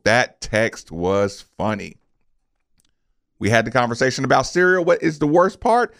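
A man's voice: mid-range voice, measured pace, creaky, long pauses. A man hosting a sports radio show, joking with his co-host between ad reads and calls. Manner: lively, laughs often, jokes with co-host.

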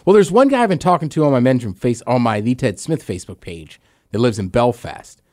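An American man co-hosting a podcast in casual chat, animated and laughing often. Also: medium pitch, brisk, no room sound, studio quality. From United States. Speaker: podcast co-host.

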